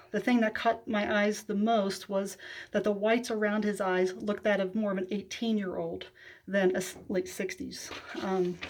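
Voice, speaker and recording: A woman telling viewers a personal faith testimony, soft-spoken and emotional, pausing often with hesitant fillers. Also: medium pitch. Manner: emotional, close to tears. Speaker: faith vlogger.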